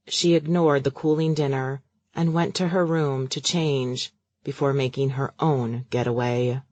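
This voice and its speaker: Audiobook narrator, woman, very low voice, steady and measured. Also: no room sound, highs cut off. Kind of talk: scripted narration.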